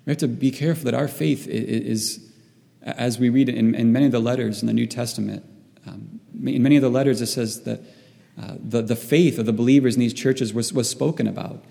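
A man's voice: mid-range voice, fairly even intonation, fairly quick, vocal fry, mellow. A man preaching a sermon to his church. He halts often and repeats words while he searches for the right phrasing. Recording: long reverb in a hall.

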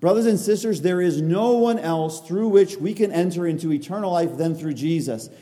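This expository sermon comes from a man whose voice is high and warm. Preaching earnestly and emphatically, he hammers points home through repetition, and the large hall adds a long reverb.

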